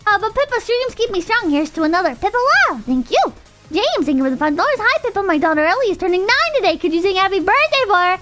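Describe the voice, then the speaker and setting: A woman's voice: extremely high pitch, sing-song, fast, fairly bright tone, soft background music. A young woman streamer chatting casually, rambling and swearing as she rants and thanks donors. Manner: rambling, profane, ranting. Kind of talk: casual livestream chat.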